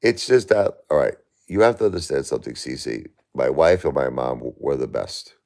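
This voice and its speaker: Brief: man in his forties, livestream host, very low gravelly voice, impassioned and repetitive, arguing and grieving. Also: expressive, normal speed, a little mellow. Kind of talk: emotional livestream chat.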